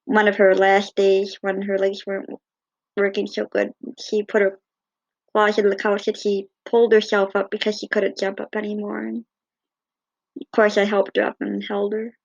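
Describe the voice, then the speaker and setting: Fond woman telling gentle stories. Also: mid-range voice, monotone, normal speed, gravelly, highs cut off. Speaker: cat owner. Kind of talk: casual personal storytelling.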